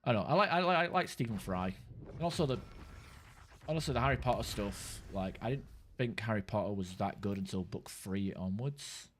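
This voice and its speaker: Rambling low-voiced man streaming a game. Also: animated, a little fast, slight background noise. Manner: rambling, stop-start, swears freely; chats with viewers while playing. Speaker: gaming streamer. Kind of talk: casual gameplay commentary.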